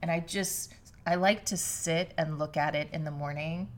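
A woman with a deep, low voice talks alone into a podcast microphone while sitting on her living room floor. She is reflective and earnest and often restarts her sentences mid-thought. The tone is that of a personal monologue to her listeners. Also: steady tone, moderate pace. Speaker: podcast host.

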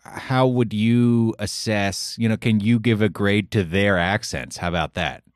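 A man's voice: lowish voice, measured pace, dry recording. A man hosting a casual chat and asking questions in a dry, teasing way. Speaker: podcast host.

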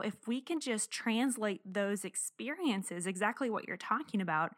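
A woman's voice: mid-range voice, lively intonation, moderate pace, dry recording, studio quality. A young woman hosting an interview show, earnestly questioning and thanking her guest. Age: young adult. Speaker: show host. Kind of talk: interview talk.

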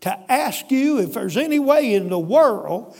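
A man retelling, in a halting voice, the pleading words of a big, remorseful older man. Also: very high voice, very animated, vocal fry, a little mellow, husky, long reverb tail, full character voice. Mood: desperate.

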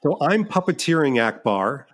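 A middle-aged man talks as a guest in a relaxed interview. He tells behind-the-scenes stories in an animated, self-mocking way. He often stumbles and restarts mid-sentence. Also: on the high side, moderate pace. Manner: animated, self-deprecating storyteller with frequent restarts. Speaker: filmmaker guest. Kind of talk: casual interview chat.

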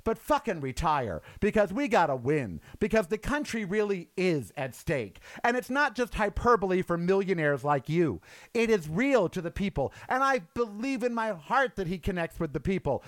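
A middle-aged man rants on his show in a high voice that leaps all over the place. He curses freely and drops from loud outbursts to low, tired asides. The sound is dry and close. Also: no echo. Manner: angry, profane, swinging between loud outbursts and low weary asides. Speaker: show host. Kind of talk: impassioned political rant.

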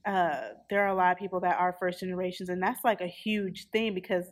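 A woman's voice: lowish voice, steady tone, a little fast. A woman in her twenties chatting casually, telling a story and acting out what people said. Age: 20s. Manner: chatty storyteller, acts out quotes. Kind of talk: casual chat.

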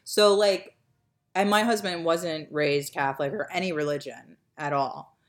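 A young woman co-hosting a casual podcast chat, rambling with lots of fillers and trailing off softly. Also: low voice, measured pace. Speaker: podcast co-host.

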